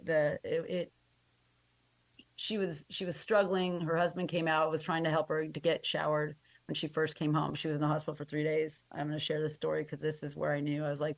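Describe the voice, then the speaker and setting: A new grandmother telling a heartfelt story in casual podcast chat, with many halting restarts. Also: fairly low pitch, dry recording, highs cut off. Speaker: guest.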